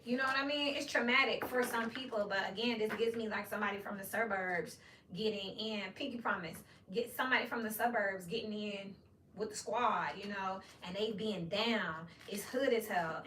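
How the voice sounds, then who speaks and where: A woman's voice: fairly high pitch, background noise. Woman, blunt and profane tarot talk, roomy echo, distant mic. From Memphis, USA. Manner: blunt and profane, with frequent "you know what I mean". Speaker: tarot reader. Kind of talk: casual tarot reading rant.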